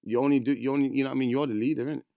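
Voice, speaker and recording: In a clean, echo-free studio recording, a man with a medium-pitched, steady voice talks rapid-fire and warmly. He rambles through slangy reaction commentary on an interview clip, calling his listeners bro and family.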